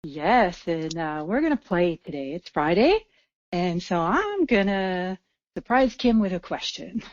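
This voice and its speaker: A woman's voice: fairly low pitch, very animated, measured pace, no echo. A woman co-hosting a podcast in a playful, casual way. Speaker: podcast co-host. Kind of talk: casual chat. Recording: dull dry lo-fi sound.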